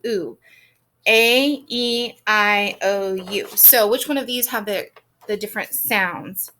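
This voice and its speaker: A woman's voice: mid-range voice, a bit bright. A woman teacher giving patient, step-by-step instructions for a student's reading work, with frequent "um"s. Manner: patient, explaining step by step with many fillers. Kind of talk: recorded lesson instructions for a student.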